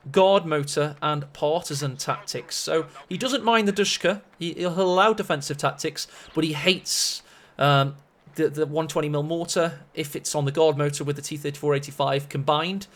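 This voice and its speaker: Guy casting a game match live, kinda high voice, rambly and jokey about himself. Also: moderate pace, few pauses, a bit bright. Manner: chatty, rambling and self-mocking. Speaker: esports caster. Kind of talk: live-stream game commentary.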